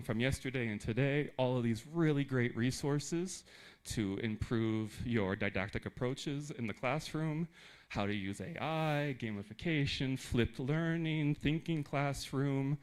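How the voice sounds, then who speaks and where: An American man speaks to a theater audience of teachers. He is animated and playful, with quick asides to the crowd, and his voice sits at a middle pitch. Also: clear, resonant tone. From United States. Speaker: conference speaker. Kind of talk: live presentation to teachers.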